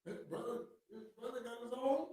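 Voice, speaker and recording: A man's voice: very high-pitched, fairly quick, dark tone. A man co-hosting a podcast, laughing often and speaking hesitantly in casual chat. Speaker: podcast co-host. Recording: very echoey, distant from the mic.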